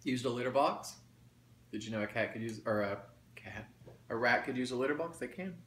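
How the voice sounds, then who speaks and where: A man's voice: medium pitch, expressive, fairly quick, a bit bright. A man chatting casually to viewers while eating, folksy and talkative. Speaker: mukbang vlogger. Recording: roomy echo, faint background noise.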